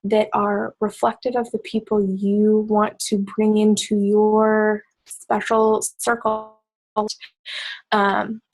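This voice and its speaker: A woman coaching her team on a call, talking softly and low so as not to wake her child. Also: flat delivery, slow, rough recording.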